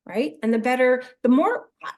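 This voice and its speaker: A middle-aged woman, a mental performance coach, talking casually in an interview and acting out inner thoughts in lively quoted voices. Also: sits high, moderate pace.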